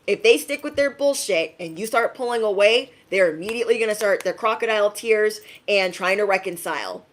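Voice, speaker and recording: A woman giving a casual, emphatic live-stream reading, chatty and quick to laugh. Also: medium pitch, lively intonation. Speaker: tarot reader.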